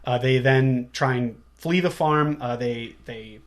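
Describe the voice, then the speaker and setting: A man co-hosting a casual movie podcast, recapping the plot in a laid-back way and often laughing. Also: mid-range voice. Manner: laid-back, quotes characters in quick asides, laughs often.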